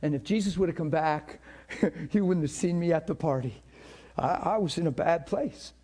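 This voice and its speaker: A middle-aged male pastor preaching a sermon with passion, dropping to near whispers and rising to shouts. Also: fairly high pitch, moderate pace, breathy edge. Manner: impassioned preaching that swings between hushed and shouted.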